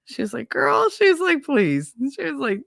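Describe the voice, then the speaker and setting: A woman's voice: high-pitched, lively intonation, brisk, vocal fry, fairly bright tone, no room sound, studio quality. A middle-aged woman hosting a casual livestream, telling a story with laughter, swearing and acted-out quotes. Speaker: livestream host. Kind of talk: casual storytelling chat with viewers.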